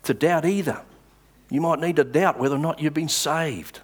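A male pastor preaching a sermon, reading scripture with dramatic pauses and stressed words. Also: fairly high pitch, husky.

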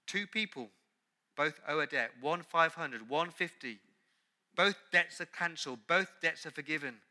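Bright-voiced male pastor preaching. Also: fairly high pitch, measured pace. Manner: earnest, emphatic preaching with repeated phrases. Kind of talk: sermon.

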